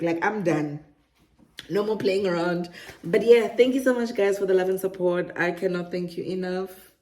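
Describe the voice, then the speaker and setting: A woman from Africa, talking excitedly in a casual vlog and laughing often. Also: medium pitch, slight background noise. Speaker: relocation vlogger. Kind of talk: casual enthusiastic vlog talk.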